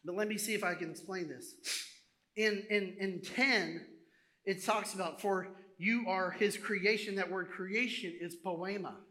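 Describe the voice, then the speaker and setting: A man preaching a sermon in a lively, conversational way, acting out little asides to the congregation. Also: high voice, a little slow. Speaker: pastor.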